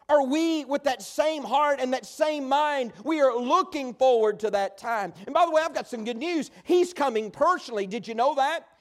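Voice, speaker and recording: A man preaching from the pulpit with a notably high voice. He tells stories in a folksy, animated way, addressing the congregation directly. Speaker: pastor. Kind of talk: sermon.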